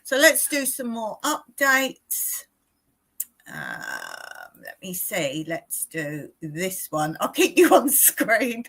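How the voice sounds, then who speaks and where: A woman's voice: mid-range voice, huge pitch swings, drawn-out words, a bit bright, rough recording. Chatty woman, rambling and laughing. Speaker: live stream host. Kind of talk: casual live chat.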